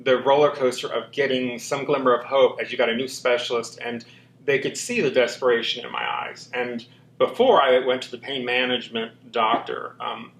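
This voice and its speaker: A man's voice: medium pitch, steady tone, normal speed, a bit bright. A man with a slight lisp talks candidly as an interview guest, circling back with ums and restarts as he speaks earnestly. His voice carries an echo from the room around him, with a faint hum underneath. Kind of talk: candid personal storytelling. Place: walk-in closet, indoors.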